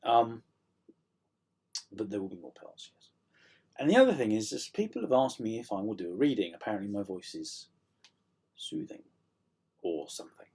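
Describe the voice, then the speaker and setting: A middle-aged man from South Yorkshire with a slightly croaky voice, chatting casually to camera in a rambling, self-deprecating way with many ums and restarts. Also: on the low side, sing-song, normal speed, pauses often, a little mellow. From South Yorkshire, England. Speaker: author vlogging a writing update. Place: home room, indoors.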